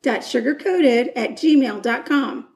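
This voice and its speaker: A woman's voice: sits high, lively intonation, slow, a little mellow. A woman co-hosting a podcast in casual, teasing banter. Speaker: podcast co-host. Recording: echoey room.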